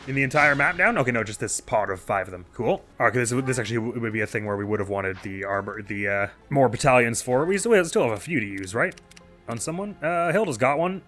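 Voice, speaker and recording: A man's voice: medium pitch, sharp tone. A man casually commenting on his own video game as a let's play host, thinking aloud with chatty, self-mocking asides.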